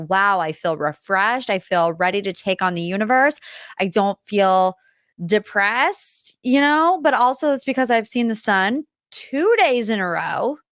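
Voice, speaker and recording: A young woman hosts a pop culture podcast, her medium-pitched voice a bit bright in clean, studio-quality audio with no room sound. Her casual chat rambles through lots of tangents.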